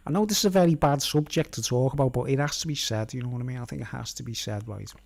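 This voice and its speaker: A man's voice: mid-range voice, fast, vocal fry, a little mellow. Rambling middle-aged Merseyside man. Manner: rambling, with constant "you know what I mean" and "right?" tags. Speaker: vlogger. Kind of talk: rambling anecdotal monologue.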